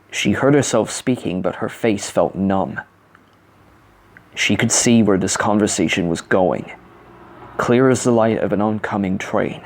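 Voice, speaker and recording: A man's voice: on the low side, unhurried. A man reading fan fiction aloud, breaking off for dry, sarcastic asides. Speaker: reader.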